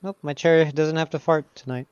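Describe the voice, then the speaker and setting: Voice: medium pitch, fairly even intonation, fairly quick, a little mellow, smooth, no echo, dull audio. A participant joking around in casual chat on a live stream, often breaking off mid-sentence. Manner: joking, self-interrupting. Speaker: livestream participant.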